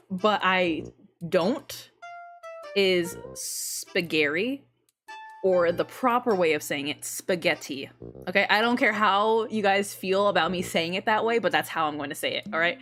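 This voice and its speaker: A woman's voice: medium pitch, fairly bright tone. Giggly young woman chatting on a livestream. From raised in an English-speaking country by a Korean mother. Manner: giggly, chatty, often laughs mid-sentence. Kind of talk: casual livestream chat.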